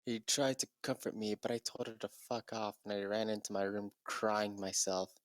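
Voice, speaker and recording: A young man giving a comedic dramatic reading in a deadpan voice, with exasperated asides. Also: fairly low pitch, normal speed, dry recording. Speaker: YouTuber.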